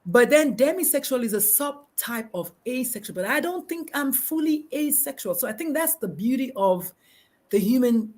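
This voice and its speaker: Bubbly lady hosting a live chat from her backyard, kinda high pitched, laughs a lot. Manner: bubbly, animated, laughs often, restarts sentences. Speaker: talk show host. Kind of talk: live-streamed casual chat. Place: backyard, outdoors.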